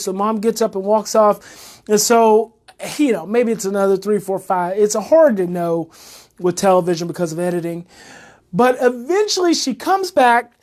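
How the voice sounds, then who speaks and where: A woman who is a parenting educator, talking in a casual monologue. She is animated, repeats her phrases and gets worked up. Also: mid-range voice, moderate pace.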